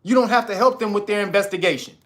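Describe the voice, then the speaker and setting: A man's voice: high voice, quick pace, fairly bright tone. A man hosting a livestream, ranting in a blunt, profane and preachy way. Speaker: livestream host. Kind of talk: heated livestream rant.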